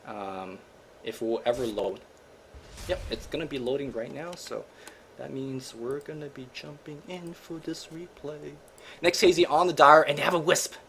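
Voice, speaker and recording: A man hosting a gaming show, commentating replays in an energetic, joking, slangy way. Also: fairly high pitch, moderate pace, gravelly. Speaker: host and caster.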